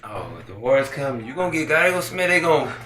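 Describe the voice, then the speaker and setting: Lively slangy man, animated pitch. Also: a little fast, a crowd in the background. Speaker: podcast co-host. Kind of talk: casual podcast chat. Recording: echoey room.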